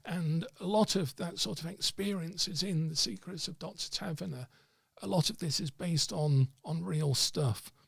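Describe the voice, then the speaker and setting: A man's voice: on the high side, normal speed, gravelly, a bit bright, husky, dry recording, clean studio sound. A man hosting an occult discussion, telling a story in a rambling, casual way with many fillers and restarts. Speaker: host of an occult discussion stream.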